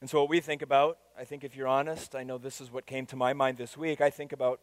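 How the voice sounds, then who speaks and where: A man preaching a sermon as pastor, moving between soft, intimate asides and loud, emphatic declarations. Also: mid-range voice, level tone, quick pace, few pauses. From United States.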